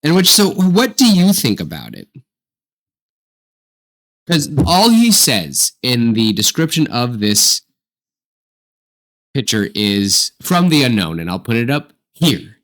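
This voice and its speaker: A man co-hosting a podcast in casual chat, animated and apologetic, laughing often. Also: mid-range voice, slow, pauses often. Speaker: podcast co-host.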